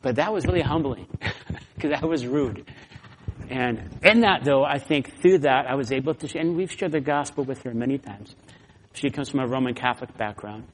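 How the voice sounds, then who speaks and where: A man preaches to his congregation with a slightly raised voice. He tells stories in an animated way. The sound carries a long reverb from a large hall. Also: a little high, a little hiss or hum. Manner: animated storytelling, acts out own anger. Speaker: pastor. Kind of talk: sermon.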